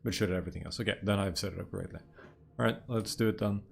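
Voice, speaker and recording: Male player, low voice, casual rambling table talk. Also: steady tone, very fast, gravelly, a little hiss or hum. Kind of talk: casual chat at a tabletop game.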